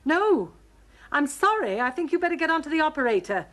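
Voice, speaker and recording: An actress plays a fretful mother waiting for news, flustered and snappish. Her voice sits fairly high and jumps around a lot as she frets. It is 1980s television soap acting. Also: lively intonation, moderate pace, noisy background, natural voice. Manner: flustered, fretful, short-tempered. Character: anxious mother waiting for a phone call.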